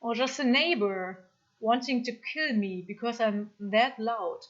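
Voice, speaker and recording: A woman with a German accent chatting casually on a live stream, reading comments aloud and apologizing often in an excitable way. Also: a little high, measured pace, lo-fi sound.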